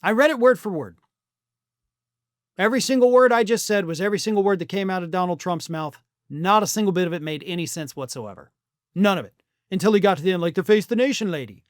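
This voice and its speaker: A man's voice: high voice, fast, no room sound, clean studio sound. A middle-aged man hosting a political commentary show, talking bluntly and sarcastically, with the odd swear word. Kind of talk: opinion commentary monologue.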